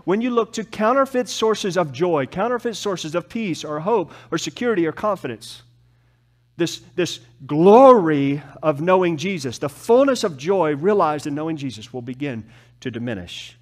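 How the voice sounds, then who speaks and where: Pastor guy preaching, bit high voice, goes loud then real soft and slow. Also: animated. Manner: preaching with wide swings from emphatic rises to soft, slow drops. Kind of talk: sermon. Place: church.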